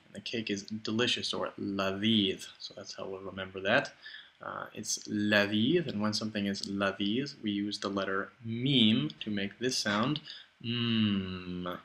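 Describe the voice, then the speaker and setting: A man teaching the Arabic alphabet in a playful, patient lesson, sounding out each letter slowly and repeating it. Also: on the low side, steady tone, a bit bright, slight background noise, low-quality recording. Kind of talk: explanatory lesson narration.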